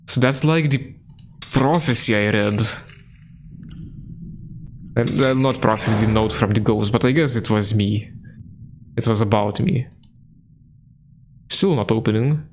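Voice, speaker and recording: A man's voice: mid-range voice, slow pace, long pauses, slight background noise. A male streamer giving casual, laid-back commentary while playing a game, swearing often and laughing at himself.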